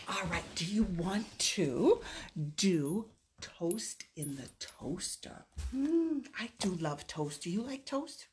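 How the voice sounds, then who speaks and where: A woman leading a children's storytime, singing action songs in a sing-song, animated way with excited gasps and whispers. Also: fairly low pitch, moderate pace, breathy edge. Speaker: children's librarian.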